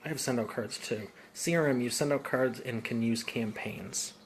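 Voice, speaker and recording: A man's voice: medium pitch, normal speed, a little hiss or hum. A man working as a business coach, answering viewer comments in a casual, upbeat live Q&A with informal slang.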